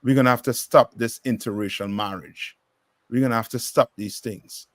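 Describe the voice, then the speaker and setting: A man's voice: medium pitch, fairly even intonation, normal speed, no echo, studio quality. Emphatic man preaching to a class. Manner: emphatic, many rhetorical questions. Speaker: class teacher.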